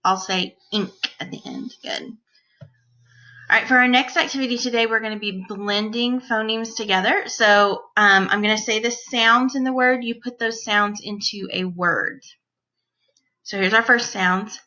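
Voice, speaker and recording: Woman teacher for a children's phonics lesson: unhurried, crisp and bright, careful sound-by-sound delivery, slightly dull lo-fi recording. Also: mid-range voice. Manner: slow, clear, deliberate sounding-out of phonemes.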